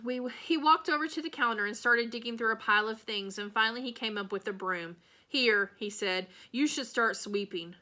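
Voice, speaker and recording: A woman's voice: fairly high pitch, moderate pace, sharp tone. A woman reading a children's novel aloud, giving the dialogue light voices. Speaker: reader.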